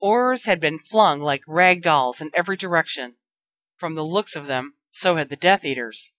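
A storyteller reads a fantasy story aloud, steady and dramatic in pacing. The voice is bright and forward, recorded close and dry with no room sound. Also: mid-range voice, moderate pace, no echo. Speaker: narrator. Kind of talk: reading a fan fiction story aloud.

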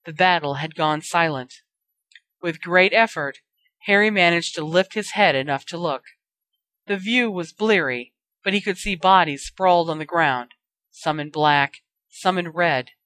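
A woman's voice: lowish voice, a little slow, a bit bright, no echo. Woman reading a story aloud. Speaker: narrator. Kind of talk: reading fan fiction aloud.

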